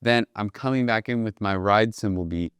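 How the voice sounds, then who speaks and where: A young man teaching jazz drumming in a relaxed, conversational way, often checking in with "right?" and counting beats aloud as he demonstrates. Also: lowish voice, moderate pace, clear, resonant tone. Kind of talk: instructional video lesson.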